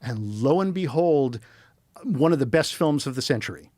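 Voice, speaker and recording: A middle-aged man talking casually as a podcast guest, telling animated, rambling stories full of quoted asides. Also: on the high side, normal speed, no room sound. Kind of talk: casual chat.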